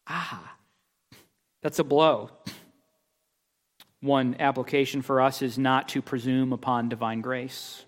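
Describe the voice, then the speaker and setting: A man's voice: medium pitch, steady tone, takes it slowly, long pauses. A man preaching an expository sermon, emphatic, with rhetorical questions and repeated phrases. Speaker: pastor. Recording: long reverb of a large hall.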